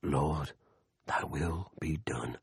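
A man's voice: rumbling low, husky, dry recording, studio quality, full character voice. A man doing a growly, pleading preacher. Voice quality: growly prayer voice. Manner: hushed, slow, pleading. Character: desperate pleading middle-aged male preacher. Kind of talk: audiobook character voice.

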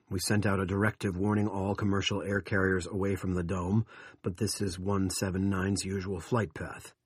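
A man voicing a brisk male official who talks in a clipped, matter-of-fact way. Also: deep voice, breathy edge, no room sound, clean studio sound.

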